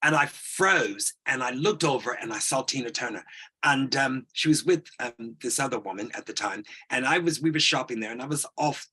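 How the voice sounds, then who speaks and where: A man in his sixties, a guest telling a long personal story, animated and acting out the voices in it. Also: mid-range voice, normal speed, slightly rough. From United States. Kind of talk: anecdotal storytelling.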